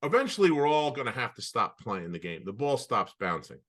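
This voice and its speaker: A man with a bright, forceful voice co-hosts a casual podcast over a video call. He spins animated anecdotes, often stopping and restarting mid-sentence as he goes. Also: medium pitch, a little fast. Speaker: podcast co-host. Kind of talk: casual storytelling chat.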